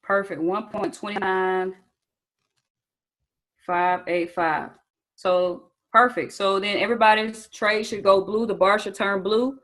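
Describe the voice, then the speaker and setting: A young woman teaching trading speaks slowly and steadily in a medium-pitched, slightly bright voice on a low-quality recording. During her live online session she stays casual and chatty, uses "you guys" and "y'all," checks in often with "okay?" and asks viewers to answer in the chat.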